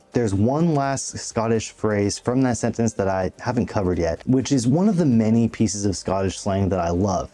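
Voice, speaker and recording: A man talks through a scripted vlog in a low, mellow voice. He explains things clearly and slips in dry little jokes. Soft background music sits faintly under his voice. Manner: clear, explanatory, lightly joking. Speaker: vlogger explaining words.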